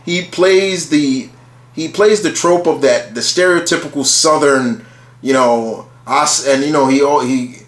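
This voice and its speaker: A man's voice: on the high side, measured pace, fairly bright tone, roomy sound. A man casually talking through a ranked list of favourite cartoon characters, rambling and restarting often, with casual swearing. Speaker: channel host ranking cartoon characters.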